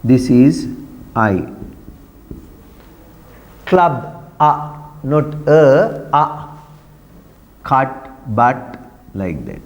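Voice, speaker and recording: A man teaching an exam prep lesson. He talks slowly and repeats words, often checking with "right?". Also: mid-range voice, a little mellow. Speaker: English teacher. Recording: dull lo-fi sound with long reverb.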